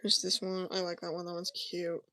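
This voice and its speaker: A woman's voice: lowish voice, monotone, normal speed, bright, forceful tone. A young woman chatting casually to viewers while crafting, often trailing off into a mumble. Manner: chatty, self-talking, often drops to a mumble. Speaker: crafting vlogger.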